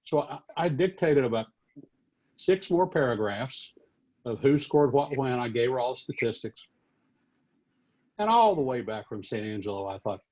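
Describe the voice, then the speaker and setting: An older man from Texas in his sixties spins a lively anecdote for an audience. He talks at an average pitch and jumps into different voices for the people he quotes. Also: moderate pace, pauses often, low-quality recording. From Fort Worth, Texas. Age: 60s. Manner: animated, acts out quoted voices. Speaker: veteran newspaper columnist. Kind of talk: storytelling talk to an audience.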